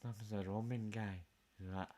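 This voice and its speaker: A man's voice: lowish voice, fairly even intonation, moderate pace, warm tone. A Scottish man in a casual, rambling chat full of jokes and swearing. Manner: jokey, rambling, swears a lot. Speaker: vlogger.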